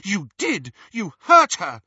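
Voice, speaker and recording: An earnest young girl with a lifted, emotional voice, put on by a man reading a storybook. Her lines swing widely in pitch and carry a husky grain. The recording sounds dry and slightly dull. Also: big pitch swings, normal speed, bright, forceful tone, dry recording, exaggerated voice. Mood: accusing. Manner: pleading, emotional, higher voice.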